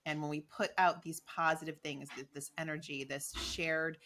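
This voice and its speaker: A woman's voice: deep voice, moderate pace, slight background noise. A woman co-hosting a casual podcast chat, telling stories animatedly and acting out what people said. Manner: animated storyteller acting out quoted lines. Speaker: podcast co-host.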